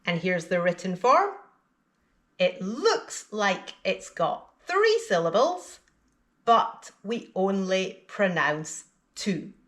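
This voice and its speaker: A woman teaching English pronunciation, speaking slowly and deliberately and enunciating each word carefully so learners can repeat it. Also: mid-range voice, sing-song, fairly bright tone. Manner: clear, careful enunciation of single words. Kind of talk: slow, deliberate teaching with pauses for repetition.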